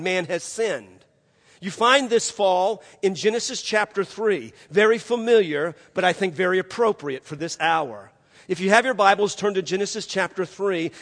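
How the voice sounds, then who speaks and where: Older pastor preaching in a reverberant church. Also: male voice, high-pitched, expressive, normal speed, fairly bright tone. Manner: storytelling, emphatic, conversational preaching. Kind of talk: sermon. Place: church sanctuary.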